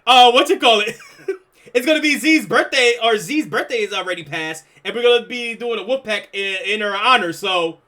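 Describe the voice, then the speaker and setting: A male streamer with a very high, bright and piercing voice talks casually to his chat. His pitch jumps around a lot as he jokes and laughs his way through a reaction. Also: expressive, moderate pace.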